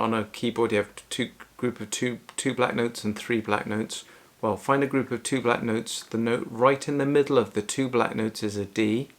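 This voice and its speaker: A man talks through a music lesson in a relaxed, conversational way, pausing on ums and restarting his phrases. His voice sits at an ordinary middle pitch. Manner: casual, with many ums and restarts. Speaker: music teacher.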